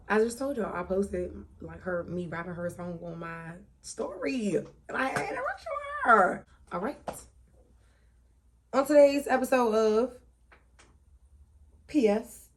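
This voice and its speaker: Low, gravelly-voiced woman hosting a casual talk show. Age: 20s. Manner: loose, profane and animated, with frequent asides and laughs.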